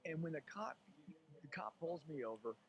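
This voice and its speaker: A man speaking as a guest in an interview. He is emphatic and animated, acts out quoted voices, and calls the listener "dude.". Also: fairly high pitch, normal speed, highs cut off. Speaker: sales author and guest. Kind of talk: animated motivational interview talk.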